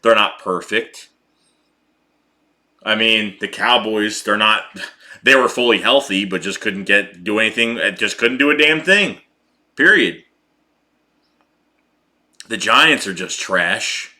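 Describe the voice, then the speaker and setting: A man's voice: on the low side, slow pace, pauses often, sharp tone. A man hosting a casual fan show, ranting heatedly and profanely about his team, often repeating himself. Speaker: sports podcast host reading chat.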